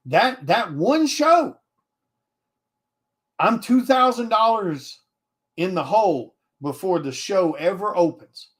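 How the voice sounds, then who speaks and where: A man, an indie comic artist, talking to his viewers in a blunt, profane casual rant, with many restarts. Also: sits high.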